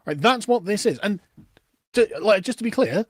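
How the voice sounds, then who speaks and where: A man's voice: high voice, expressive, moderate pace, dry recording, studio quality. Sarcastic British man reacting to news. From Britain. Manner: sarcastic, laughs while reading. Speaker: political commentator.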